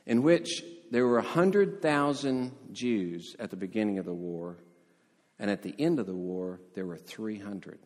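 A man preaching a sermon as pastor, telling stories and lightly acting out quoted voices. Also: lowish voice. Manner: storytelling, animated voices for quotes. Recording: long hall reverb.

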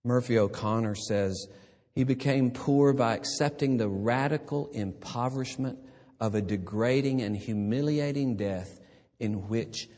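A man preaching a sermon, swinging between hushed, quiet passages and loud, emphatic ones. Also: medium pitch, a little slow, long reverb tail.

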